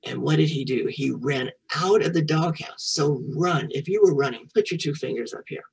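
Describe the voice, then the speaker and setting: A woman's voice: low-pitched, normal speed, vocal fry, darkish tone, recorded from a distance, low-quality recording. A woman reading a picture book aloud to a young child, patiently repeating French words and encouraging the child to say them back. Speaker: children's storyteller and French teacher.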